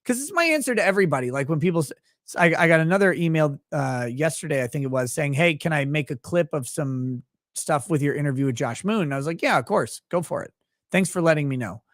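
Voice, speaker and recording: Profane, rambling Minnesotan man, slightly high. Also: lively intonation, fast talker, no echo, studio quality. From Minnesota, USA. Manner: profane, rambling, laughs often. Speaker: livestream host reading chat. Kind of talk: casual livestream chat.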